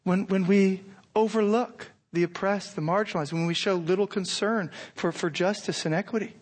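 A middle-aged man preaching a sermon, animated, acting out imagined lines with rising intensity. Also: high voice, moderate pace. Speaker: pastor.

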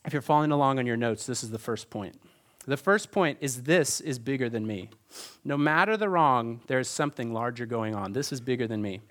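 A man's voice: medium pitch, expressive, fairly quick, fairly bright tone. A man preaching a sermon, retelling scenes with earnest storytelling and acting out the crowd's words. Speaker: pastor.

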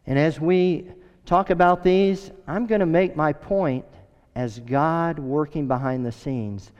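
Pastor guy preaching, kinda high voice, smooth and resonant, long echo of a big church hall. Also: takes it slowly, a little mellow. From United States. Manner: earnest storytelling with emphatic repetition. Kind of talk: sermon. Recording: echoey hall, dull sound.

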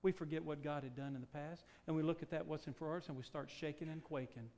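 High-voiced emphatic male preacher. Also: fairly even intonation, fast talker. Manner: emphatic, rhetorical questions, big swings in loudness. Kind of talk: sermon.

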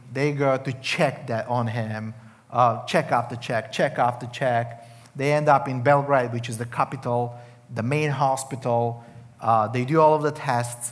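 Emotional man telling his story. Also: medium pitch. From Serbia. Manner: emotional storytelling with many restarts. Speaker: guest sharing testimony. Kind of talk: personal testimony.

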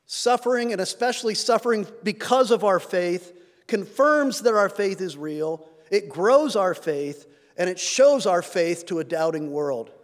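A man's voice: high-pitched, a little slow, long reverb tail. A man preaching a sermon, earnest, lifting his voice when he reads scripture aloud.

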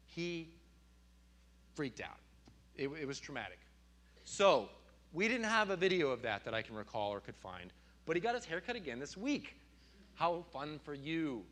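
A man in his thirties preaching a sermon, animated and telling stories with sudden loud outbursts. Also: a little high, moderate pace. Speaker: pastor.

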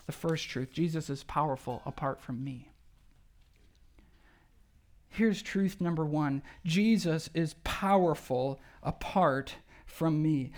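A pastor preaching a sermon to a church in a conversational, animated way, often asking rhetorical questions. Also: mid-range voice. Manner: animated, acts out quoted speech.

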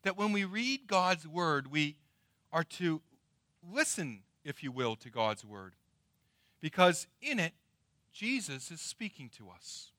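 Expressive preaching man, dry close sound. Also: on the high side, slow pace, no echo. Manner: dramatic, swings from loud to hushed. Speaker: pastor. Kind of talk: sermon.

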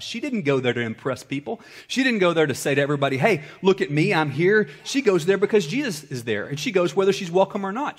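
A male pastor preaching a sermon, swinging between loud, high-pitched bursts and hushed, low-voiced passages. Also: breathy edge.

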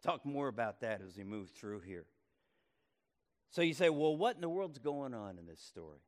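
A man preaching a sermon, swinging from loud calls to hushed tones and repeating words as he speaks. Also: mid-range voice, sing-song, moderate pace. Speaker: pastor. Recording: long reverb of a hall.

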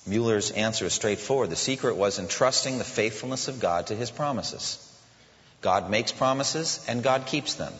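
A male pastor preaching a sermon emphatically, slowing down to stress his points, in a large church. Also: medium pitch, a bit bright. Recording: dull sound with long hall reverb.

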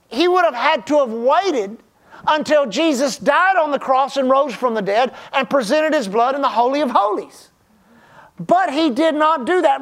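High-voiced preaching pastor, emphatic. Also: male voice. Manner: emphatic preaching, stretching key phrases and dropping to a hush. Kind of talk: sermon.

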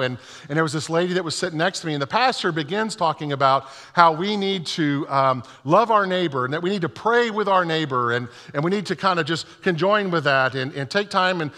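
Man, pastor, sermon, humorous self-deprecating storytelling, high bright voice, echoing church hall. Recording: long reverb of a large church hall.

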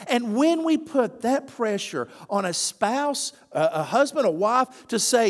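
A man's voice: high voice, unhurried, few pauses, big-room sound. A man preaching a sermon, telling stories and acting out the voices of the people in them. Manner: animated storytelling, acts out quoted voices. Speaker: pastor.

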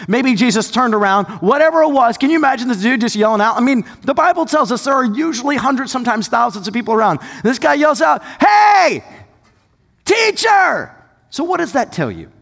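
Animated high-voiced male preacher. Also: fast, hardly any pauses. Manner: animated, conversational, with sudden shouts and asides. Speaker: pastor. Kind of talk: sermon. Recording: long hall reverb.

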